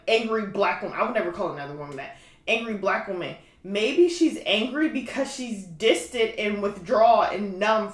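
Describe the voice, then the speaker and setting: A woman's voice: medium pitch, a bit bright. A woman hosting a podcast in a loose, chatty way, full of "like" and "you know what I mean". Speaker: podcast host. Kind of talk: casual chat. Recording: roomy echo.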